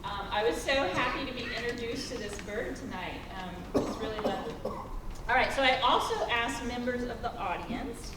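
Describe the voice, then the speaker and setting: A woman's voice: a little high, moderate pace. A woman emceeing a school storytelling event, friendly and chatty, with many ums. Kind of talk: introducing storytellers. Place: school auditorium. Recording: roomy hall, mic far off, faint hum.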